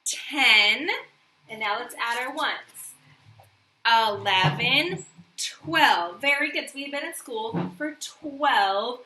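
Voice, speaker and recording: Woman teacher, high bright voice, patient classroom manner, roomy echo. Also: a little slow, few pauses, far from the mic, slight background noise. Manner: patient, prompting questions and praise. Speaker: elementary school teacher. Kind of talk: morning meeting lesson for young children.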